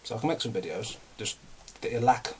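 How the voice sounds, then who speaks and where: Here a young man from England vlogs at a normal speed in a mid-range voice, with a little hiss or hum in the recording. He rambles casually and chattily, ranting and poking fun at himself while slightly breathless.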